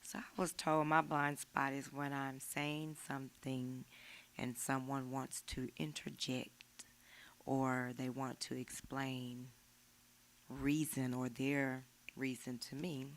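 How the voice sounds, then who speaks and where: A woman sharing in a church group, speaking quietly and hesitantly. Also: very deep voice, level tone, takes it slowly.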